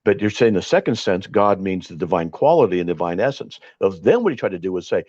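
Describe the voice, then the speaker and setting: A man leading an informal Bible study, talking in an animated, argumentative way with frequent restarts. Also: on the low side, quick pace, breathy edge, no room sound. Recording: dull, dry lo-fi recording.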